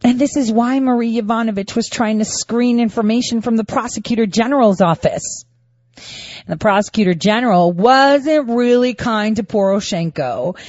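A woman's voice: fairly high pitch, normal speed, darkish tone, no room sound, dull audio. A woman giving casual political commentary, firing off rhetorical questions and sarcastic asides.

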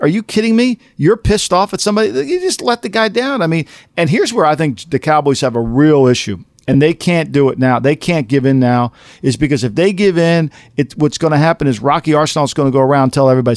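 A man co-hosts a casual sports talk show in an animated, fired-up way, his pitch leaping when he's incredulous. His voice sits slightly high. The sound is dry and close, with no room around it. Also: no room sound. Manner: animated, rising to incredulous highs. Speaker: podcast co-host.

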